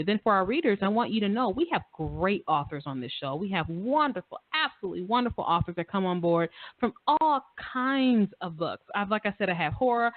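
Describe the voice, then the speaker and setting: A chatty radio host talks in a warm-hearted, effusive rush, circling back with fillers and repeats. The sound is dry and squeezed through a narrow phone line, with a mid-range voice. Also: medium pitch, dry recording. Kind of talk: casual radio talk show chat.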